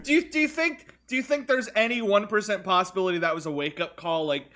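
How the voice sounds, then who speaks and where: Podcast cohost guy, high bright voice that swoops all over, slow deadpan jokes. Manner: dry, deadpan joking. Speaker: podcast co-host. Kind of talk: casual chat.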